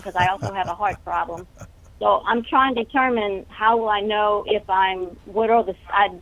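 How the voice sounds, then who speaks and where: A woman calling in by phone, short of breath, earnest and rambling as she describes her symptoms. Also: mid-range voice. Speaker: caller. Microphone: telephone. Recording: tinny dry phone line.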